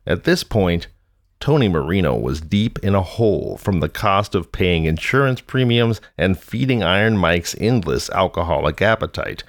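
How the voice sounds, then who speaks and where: A man with a deep, gravelly voice tells a scripted true-crime tale, and his pitch rises and falls widely as he builds the drama. His wry, theatrical delivery sounds close and dry, with no room around it. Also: lively intonation, normal speed, dry recording. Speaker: podcast narrator.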